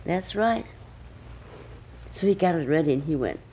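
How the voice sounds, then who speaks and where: A woman's voice: on the low side, lively intonation, moderate pace, warm tone, slight background noise, low-quality recording. An older woman, a grandmother, telling a homemade bedtime story at home with chatty asides to the listening child.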